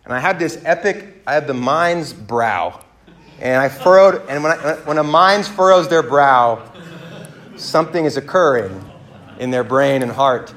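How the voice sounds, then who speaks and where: A man in his thirties preaching a sermon, telling stories with lively acted-out dialogue that swings his voice up and down. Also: measured pace. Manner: animated storyteller, acts out dialogue with big pitch jumps. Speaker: pastor.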